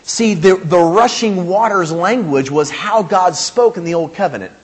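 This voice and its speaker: A male pastor delivering a sermon, his voice somewhat higher than most men's and noticeably husky. He preaches emphatically, repeating key phrases and putting questions to the congregation. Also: normal speed.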